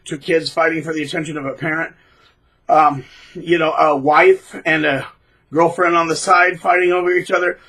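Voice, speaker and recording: A man hosting his own channel, talking bluntly and casually, mocking people by acting out quotes in shrill put-on voices. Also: a bit bright, breathy edge, poor audio. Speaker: channel host. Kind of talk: casual monologue.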